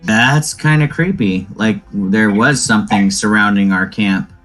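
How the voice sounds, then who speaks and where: A man's voice: on the low side, a little slow, fairly bright tone, soft background music. A man playing a tabletop game, explaining his moves in a thoughtful, hesitant way with many fillers. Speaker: player. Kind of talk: casual tabletop play.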